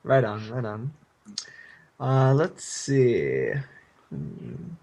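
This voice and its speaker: Halting young man asking questions. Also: mid-range voice, big pitch swings, darkish tone, highs cut off. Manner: halting, filler-heavy questions. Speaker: radio interviewer. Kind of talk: casual interview questions.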